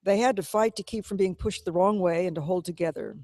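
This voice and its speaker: A man giving a measured, dramatic reading of a novel. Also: high voice, a little mellow, no room sound, studio quality. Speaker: reader.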